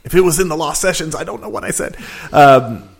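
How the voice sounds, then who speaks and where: A man's voice: fairly high pitch, fairly quick, creaky, husky. A man co-hosting a casual podcast, talking in an easygoing, anecdotal way about watching shows. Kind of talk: casual chat.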